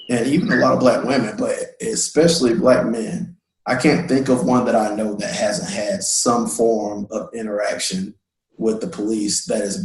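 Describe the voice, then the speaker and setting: A man's voice: fairly low pitch, a little mellow, roomy sound, poor audio. A man telling a personal story in a casual discussion, acting out the voices he quotes. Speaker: guest.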